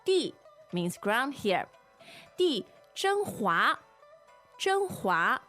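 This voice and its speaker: A woman's voice: a little high, big pitch swings, pushed and bright, soft background music. A woman teaching Mandarin as co-host of a language lesson, whose first language is Mandarin, saying phrases twice over to model them. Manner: models Chinese phrases slowly and repeats them.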